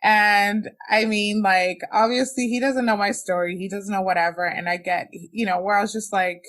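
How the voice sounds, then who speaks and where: A woman's voice: mid-range voice, fairly even intonation, moderate pace, fairly bright tone. A young woman, a podcast guest, frankly and emotionally recounting a personal experience, with many "like"s and "you know"s. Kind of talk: candid personal storytelling.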